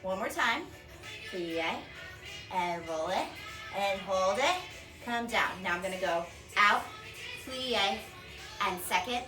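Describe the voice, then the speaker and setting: A woman's voice: mid-range voice, takes it slowly, pauses often, echoey room. Young woman, kids' dance teacher, encouraging, counting beats, camera far across the room, music behind. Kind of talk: upbeat kids' dance class instruction. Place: home workout room. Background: music playing.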